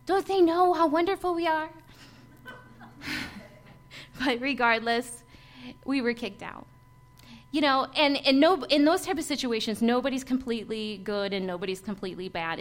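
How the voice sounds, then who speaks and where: A woman pastor preaching a sermon and telling a personal testimony, swinging from hushed to emphatic. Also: mid-range voice, brisk.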